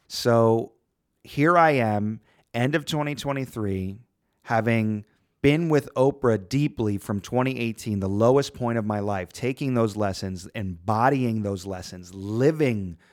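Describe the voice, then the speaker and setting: A man's voice: mid-range voice, slow pace. A man hosting a reflective solo podcast, talking earnestly and repeating phrases for emphasis. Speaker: podcast host.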